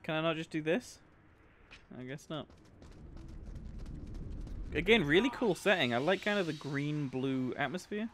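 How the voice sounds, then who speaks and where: Young male streamer, casual live commentary, animated delivery with a slightly raised pitch and nerdy, excitable chatter. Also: a little slow, pauses often, a little hiss or hum. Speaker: game streamer.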